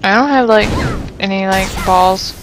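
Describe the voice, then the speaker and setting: A woman playing an online game while talking, swearing and reacting loudly as she goes. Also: medium pitch, unhurried. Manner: loud, swearing, excitable. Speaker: gamer. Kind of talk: live gameplay commentary. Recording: game music behind voice.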